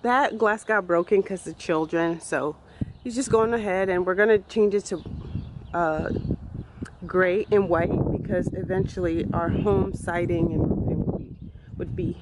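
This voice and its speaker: A woman's voice: lowish voice, a little slow, heavy background noise. A woman chatting casually in a family vlog, explaining plans.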